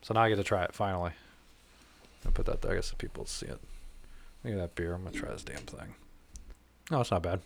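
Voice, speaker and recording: A man's voice: low-pitched, quick pace, vocal fry, pauses often, background noise. A man hosting a podcast in casual chat, laid-back and swearing freely. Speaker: podcast host.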